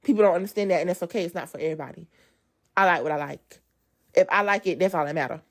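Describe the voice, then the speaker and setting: A woman's voice: fairly low pitch, very fast. Amped-up woman preaching to y'all. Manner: amped-up and colloquial, addressing listeners as y'all; swings between loud emphasis and soft asides. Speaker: speaker giving a devotional testimony. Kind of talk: preachy devotional talk.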